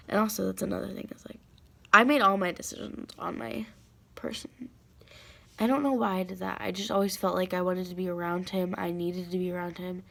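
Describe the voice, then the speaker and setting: A woman's voice: on the low side, fairly even intonation, fairly quick, creaky. A teenage girl talking casually and emotionally to her camera at home, rambling with many fillers and restarts. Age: teens. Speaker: vlogger. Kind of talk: casual confessional chat to camera.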